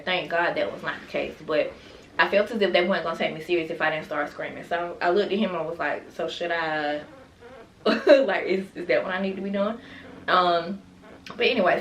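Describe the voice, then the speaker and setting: A woman's voice: fairly low pitch, fast, a bit bright, a little hiss or hum. A woman telling her own birth story in a casual vlog, chatty and full of asides to her viewers. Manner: chatty, talks straight to viewers with frequent asides. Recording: roomy sound from a distance.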